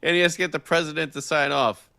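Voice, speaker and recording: A man's voice: fairly high pitch, fairly even intonation, quick pace, vocal fry, sharp tone, no echo, studio quality. A man co-hosting a late-night live sports podcast, joking around and greeting chat viewers by name. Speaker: podcast co-host.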